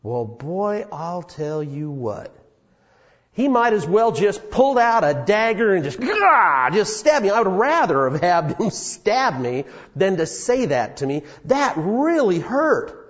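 Male preacher, fifties, folksy and animated, dull lo-fi sound. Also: high voice, slow. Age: 50s. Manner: folksy storytelling with many fillers. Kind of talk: sermon. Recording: dull sound in an echoey hall.

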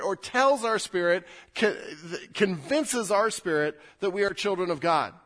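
A middle-aged man preaching a sermon, swinging from loud, emphatic scripture reading to quiet, intimate asides, often repeating words as he restarts. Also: high voice, animated, unhurried, few pauses. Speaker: pastor.

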